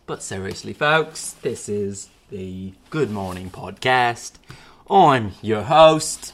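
A man hosting a solo podcast, alone in his garage on an old recorder. He rambles, jokes and mocks himself. His pitch rises and falls in a lively way. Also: slow, slight background noise. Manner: rambling, self-mocking, jokey. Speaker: podcast host. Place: garage at home. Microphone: old-fashioned recorder.

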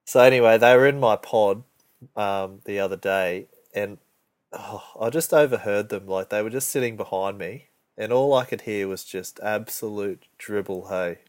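A man's voice: lowish voice, normal speed, dry recording. A young man co-hosting a podcast, telling stories in crude, laid-back slang. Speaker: podcast co-host. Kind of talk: casual banter.

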